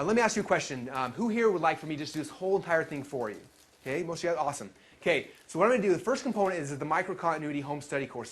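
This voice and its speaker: Fast-talking animated man giving a seminar. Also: a little high. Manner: animated storytelling, acts out quotes. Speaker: seminar speaker. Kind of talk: live seminar talk.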